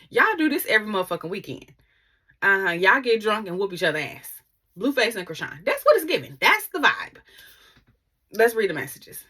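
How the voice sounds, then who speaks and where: A woman doing gossip commentary to her viewers. She is sassy and animated, and keeps stopping to talk back to the texts she reads. Her voice is bright and forceful and swings widely in pitch. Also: breathy edge. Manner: sassy, animated, laughs and comments between readings. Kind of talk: casual commentary, reading texts aloud.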